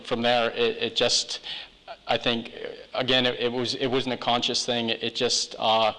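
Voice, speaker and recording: A man's voice: medium pitch, bright, forceful tone. A man, a charity founder being interviewed on a live chat show, talking hesitantly with many ums and restarts. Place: live event hall. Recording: long hall reverb.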